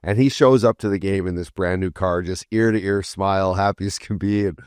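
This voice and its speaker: A man's voice: sits low, steady tone, brisk, darkish tone, smooth, dry recording, clean studio sound. A man co-hosting a hockey podcast, telling laid-back, profane stories about former teammates. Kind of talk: casual chat.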